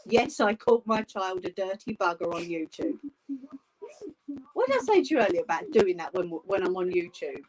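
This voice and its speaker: A woman's voice: mid-range voice, very animated, normal speed, pauses often, darkish tone, rough recording. A middle-aged British woman hosting a live craft stream from her home craft room, chatting, teasing and laughing with family off camera as she works. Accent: British English. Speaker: craft channel host.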